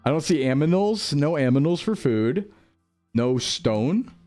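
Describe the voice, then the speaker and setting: A man's voice: a little high, animated, unhurried, dark tone, faint music behind. A young man rambling through casual gameplay commentary, jokey and self-mocking. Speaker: streamer.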